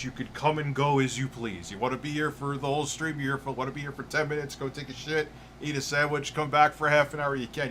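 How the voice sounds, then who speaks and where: A man's voice: medium pitch, fairly bright tone, a little hiss or hum. A middle-aged man hosting a livestream, bantering loosely and crudely while he reads chat messages aloud. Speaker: livestream host.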